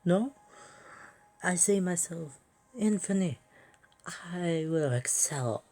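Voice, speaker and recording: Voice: mid-range voice, animated, slow, a little mellow, pitched above the performer's own voice. A player putting on a put-on French accent to voice a flamboyant woman gym leader in broken, grandiose English during game commentary.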